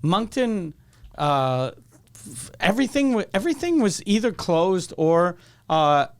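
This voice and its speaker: A man's voice: high-pitched, sing-song. A young man co-hosting a podcast. He tells a story casually, swears and stops to restart sentences. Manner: profane, halting, with restarts and dry asides. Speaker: podcast co-host.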